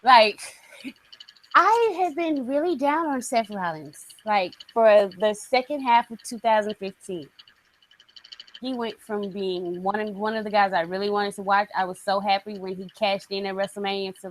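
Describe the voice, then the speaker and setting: A woman's voice: mid-range voice, unhurried, poor audio. A woman co-hosting a casual wrestling podcast, ranting bluntly and swearing freely. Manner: blunt, profane, animated ranting. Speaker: podcast co-host.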